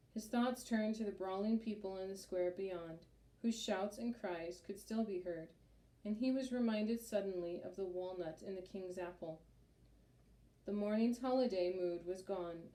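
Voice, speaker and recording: A woman reads a chapter book aloud at a steady, measured pace. Her voice is mellow and soft-edged, in a middle register. The recording carries a roomy echo. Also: mid-range voice. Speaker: audiobook narrator. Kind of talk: storybook narration.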